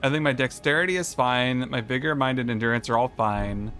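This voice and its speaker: A man's voice: medium pitch, a little fast, sharp tone, soft background music. A man casually commenting on a game he is streaming, thinking aloud and talking to his chat. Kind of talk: casual gaming livestream commentary.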